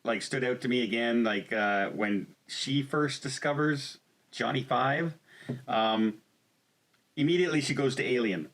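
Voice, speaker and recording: A man's voice: medium pitch, measured pace, a bit bright. A man co-hosting a casual movie review chat, rambling with plenty of fillers and frequent laughs. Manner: rambling, laughs often, lots of "like". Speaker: podcast co-host.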